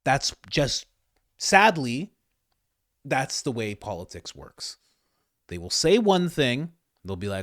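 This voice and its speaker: A man's voice: mid-range voice, measured pace, long pauses, no room sound, clean studio sound. A middle-aged man hosting casual political commentary, talking straight to his viewers in a conversational way. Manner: animated, conversational, addresses viewers directly.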